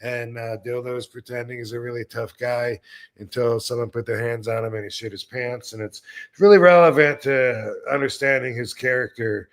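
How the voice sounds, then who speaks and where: A man's voice: mid-range voice, moderate pace. A man hosting a live stream in casual chat, rambling and blunt, with crude jokes and many fillers.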